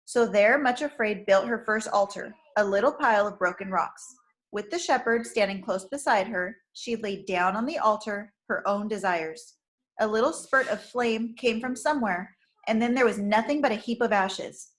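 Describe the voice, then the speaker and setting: A woman, a teacher, reading a chapter book aloud in a clear, careful manner. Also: medium pitch, normal speed, poor audio.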